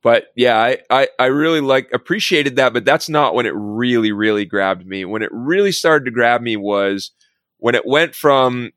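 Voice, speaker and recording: A man's voice: medium pitch, moderate pace, a bit bright, no echo, clean studio sound. A man in casual podcast chat who acts out quoted lines as he retells scenes. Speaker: podcast co-host.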